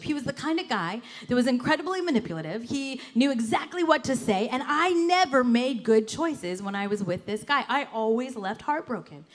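A woman pastor giving a sermon in an animated, conversational storytelling way, full of casual fillers. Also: fairly high pitch. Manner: animated, conversational, lots of "like" and "you know".

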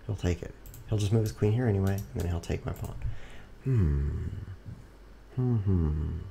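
A man with a low, mellow voice commentates his own chess games for a stream, joking at his own expense and talking straight to viewers. His pitch swings widely, leaping up when something happens on the board and sinking to low mutters as he thinks, with a faint hiss of noise behind him. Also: unhurried, gravelly. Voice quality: animated, jumps high when excited, drops to mutters. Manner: goofy, self-mocking, talks to viewers. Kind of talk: casual live commentary while playing. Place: home room. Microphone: streaming setup.

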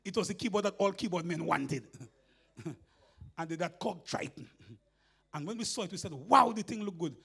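A man with a Grenadian accent preaching a sermon in church, telling a story with laughter and building to shouts. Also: a little high, animated, normal speed, creaky, pauses often, breathy edge.

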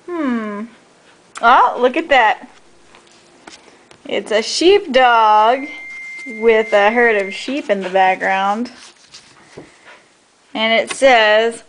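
A woman's voice: fairly high pitch, extremely slow, long pauses, rough recording. A woman filming at home, talking to her dog in a cooing, baby-talk manner. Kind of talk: home video chat.

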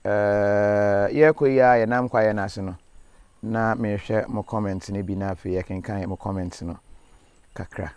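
A man's voice: fairly low pitch, fairly even intonation, normal speed, darkish tone, smooth, dry recording. A man hosting an interview outdoors, talking casually with encouraging, preacher-like asides. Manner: casual, preaching asides, switching between languages. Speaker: host. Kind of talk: field interview. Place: outdoors in a forest.

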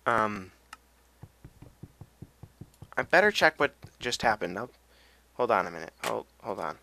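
A young man chatting his way through a game at his desk, tired and a little cracked in the voice, with a low, gravelly tone that still sounds bright and sharp. He rambles and pokes fun at himself, and faint keyboard clicks tick along behind him. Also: very animated, measured pace, slight background noise. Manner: rambling, self-deprecating, chatty asides. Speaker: let's play gamer. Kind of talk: casual game commentary.

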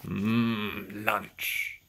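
A storybook reader voicing a hungry, sly male fox who hisses in a low voice. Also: flat delivery, very slow, creaky, a bit bright, heavily acted. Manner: hissing, low.

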